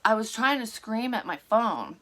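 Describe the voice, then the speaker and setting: A middle-aged woman, a psychic medium, telling a dream in a rambling, profane, animated way from her room. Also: fairly high pitch, normal speed. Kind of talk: casual storytelling of a dream. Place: her room at a tarot table.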